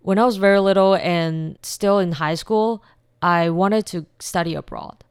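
Taiwanese woman, low smooth voice. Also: measured pace, no echo, studio quality. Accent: Taiwanese, with a Californian lilt. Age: 20s. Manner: chatty, upbeat, simple non-native phrasing. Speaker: guest. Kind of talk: casual interview chat.

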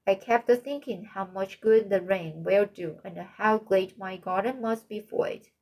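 A woman's voice: mid-range voice, measured pace, a little mellow, low-quality recording. A woman reading the part of a cheerful, imaginative teenage girl in a storybook, talkative and dreamy.

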